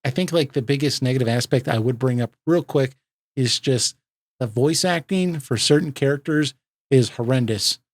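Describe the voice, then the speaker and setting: A man hosting a casual gaming podcast, enthusiastic and laughing often, with quick asides. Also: medium pitch, no room sound. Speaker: podcast host.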